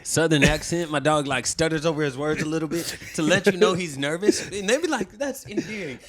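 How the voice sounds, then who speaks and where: A young man co-hosting a casual podcast, reacting with quick, hyped remarks. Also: on the high side, crowd noise. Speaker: podcast co-host. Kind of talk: casual chat.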